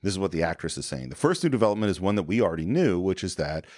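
A man's voice: deep voice, big pitch swings, racing, darkish tone, no room sound, clean studio sound. A man co-hosting a film podcast, casually retelling a movie scene by scene and briefly acting out the characters' lines. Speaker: podcast co-host.

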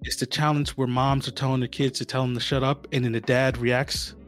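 A man co-hosting a casual podcast, telling stories in a slangy, animated way. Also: medium pitch, a little fast, faint music behind. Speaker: podcast co-host. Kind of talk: casual chat.

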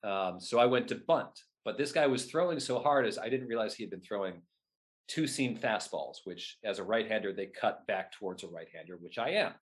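Male guest, 30s, lower-pitched and lively, telling anecdotes in conversation. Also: fairly quick. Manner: animated, acts out his own past remarks. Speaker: guest, whip performer at renaissance fairs. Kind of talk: casual interview storytelling.

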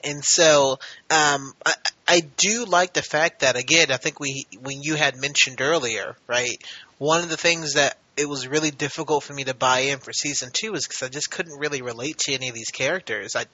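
A man co-hosting a podcast, chatting casually and getting animated when he retells scenes. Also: medium pitch, moderate pace, dry recording, muffled recording. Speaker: podcast co-host.

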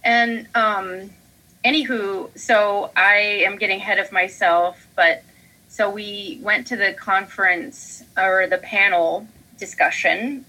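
A woman's voice: mid-range voice, fairly even intonation, slow, sharp tone, low-quality recording. A young woman co-hosting a podcast, telling a story in casual chat and acting out her own panicked quotes. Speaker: podcast co-host.

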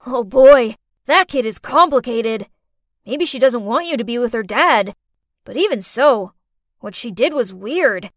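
Girl doing a worried guy friend giving advice, loud, lively voice. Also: on the high side, measured pace, dry recording, clean studio sound. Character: concerned male friend on the phone.

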